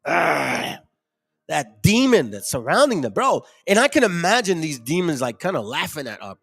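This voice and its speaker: A man's voice: on the high side, big pitch swings, normal speed, gravelly, a bit bright, faint music behind. A man hosting a casual commentary, rambling and repeating himself with slangy asides. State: headache, struggling to focus. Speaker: host.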